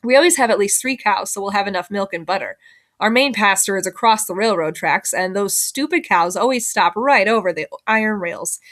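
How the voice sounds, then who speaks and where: A woman's voice: medium pitch, expressive, a little fast, fairly bright tone. A woman, a teacher, reading a novel aloud expressively and voicing the characters.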